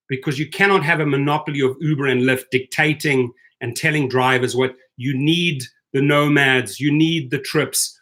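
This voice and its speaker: A man with a medium-pitched, fairly bright voice hosts a rideshare driver channel and rants heatedly on a livestream. He reads from chat while commenting, stammering and restarting his sentences.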